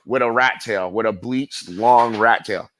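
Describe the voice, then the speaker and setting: A man's voice: on the low side, a little slow, fairly bright tone, slight background noise. A middle-aged man telling stories as a guest in a casual interview, rambling and profane, full of fillers. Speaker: guest skateboarder.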